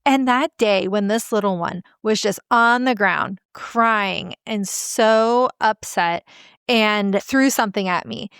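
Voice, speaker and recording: A woman parenting coach speaks with a smooth, clear voice in a dry, close recording. Her talk is earnest and animated, full of stories and casual filler words. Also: a little high, no echo. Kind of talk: podcast interview storytelling.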